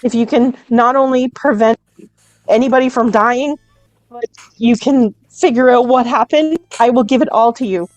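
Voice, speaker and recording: Woman doing a stammering potion seller, panicky, high-pitched, pleading. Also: normal speed, darkish tone, dry recording, soft background music, close to an everyday voice, poor audio.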